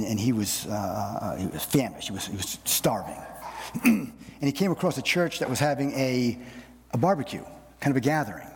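A man's voice: medium pitch, a little hiss or hum. Pastor guy preaching, stumbles and repeats himself a lot, long church reverb. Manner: halting, with frequent repeated words and fillers. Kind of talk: sermon. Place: church sanctuary.

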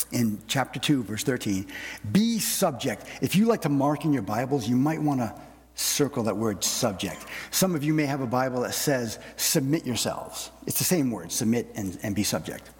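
A male pastor preaching a sermon, often repeating words and pausing with fillers as he speaks. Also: mid-range voice, lively intonation, big-room sound. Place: church sanctuary.

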